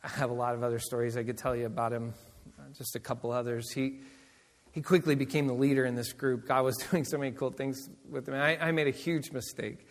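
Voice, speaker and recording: A man, a pastor, tells stories in a sermon with animated delivery and frequent laughter. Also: medium pitch, brisk. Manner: animated storyteller, laughs often. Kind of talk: sermon storytelling. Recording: long reverb of a large hall.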